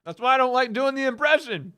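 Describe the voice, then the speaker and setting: A man's voice: very high voice, lively intonation, quick pace, pushed and bright, smooth. A man hosting a livestream watch party, talking loosely with chat, swearing and laughing as he reacts to the fights. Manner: loose, profane, laughing, chatting with viewers. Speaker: livestream host. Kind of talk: casual live reaction commentary.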